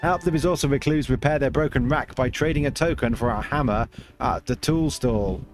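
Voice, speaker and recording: With music in the background, a livestream host talks a little fast in a mid-range voice while playing a game. He is chatty, answers viewers by reading their messages aloud, and rambles with frequent restarts.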